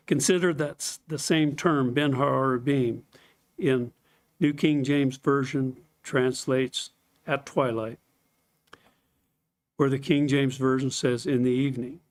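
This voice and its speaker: A man teaching a scripted Bible study lesson, explaining things step by step, reading scripture aloud and clearing his throat now and then. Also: mid-range voice, fairly even intonation, slow pace.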